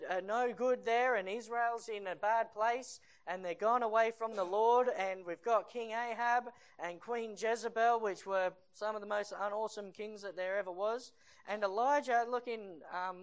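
Brief: male pastor, conversational sermon delivery, swings between loud emphasis and quiet reflection. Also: high-pitched, clear, resonant tone.

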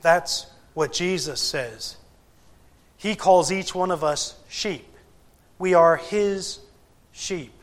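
Slow, deliberate higher-voiced male preacher. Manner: deliberate, emphatic, with frequent pauses and rhetorical questions. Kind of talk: sermon. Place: church gathering.

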